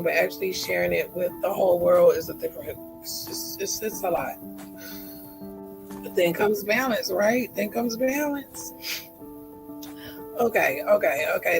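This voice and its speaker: A woman's voice: lowish voice, creaky, poor audio. A woman in her forties hosting a candid personal vlog. She talks in an emotional, heartfelt way, with laughing asides. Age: 40s. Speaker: host.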